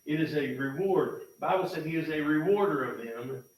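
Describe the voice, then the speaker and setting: A man preaching a sermon in a church, folksy and emphatic, swinging from loud bursts to low, quiet lines. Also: brisk. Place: church sanctuary. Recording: echoey church from far off, faint noise.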